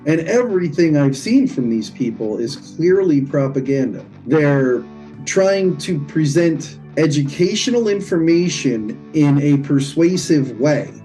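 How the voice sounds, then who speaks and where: Brief: joking podcast host, lively rising pitch, mellow tone, faint music behind. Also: male voice, a little slow, rough recording. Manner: animated, joking, sarcastic. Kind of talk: casual chat.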